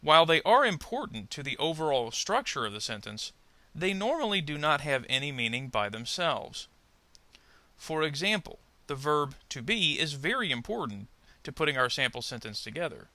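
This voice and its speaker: A man teaching pronunciation in a scripted lesson, his voice very bright and a little gravelly. He lays out each point slowly and clearly, and the pitch rises and falls widely as he leans on the stressed words. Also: very animated, no room sound. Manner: slow, deliberate, over-articulated model sentences for learners to repeat. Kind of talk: scripted instructional narration.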